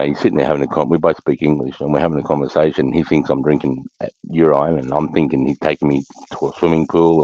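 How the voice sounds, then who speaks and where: A man's voice: rumbling low, mellow, dry recording. An Australian man hosting a casual livestream chat, rambling, swearing constantly and laughing often, in slightly dull lo-fi audio. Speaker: livestream host.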